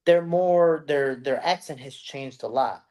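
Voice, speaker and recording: A man co-hosting a casual podcast, telling animated stories full of "like" and casual swearing. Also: mid-range voice, a little slow. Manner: animated storyteller, swearing, heavy use of "like". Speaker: podcast co-host. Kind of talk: casual chat.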